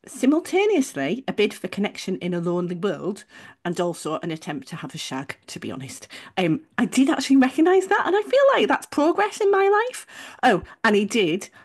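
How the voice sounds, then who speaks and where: An English woman with a fairly low voice co-hosts a podcast in a relaxed, casual chat. She tells her story in a rambling, chatty way, often restarting sentences and correcting herself mid-thought.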